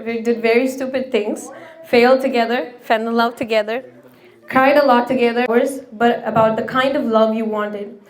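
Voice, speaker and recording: A woman's voice: a little high, darkish tone. A woman giving a sincere, heartfelt speech to her best friend before the wedding. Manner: sincere and measured. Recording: echoey room.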